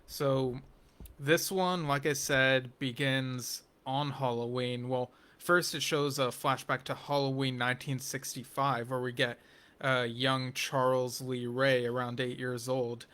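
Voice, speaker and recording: A man reviewing a TV episode in a slow, unhurried, rambling way, with a bright, forward tone that stays fairly level in pitch. He keeps circling back with ums and restarts and slips in wry, geeky asides. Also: flat delivery. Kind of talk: casual spoken TV episode review.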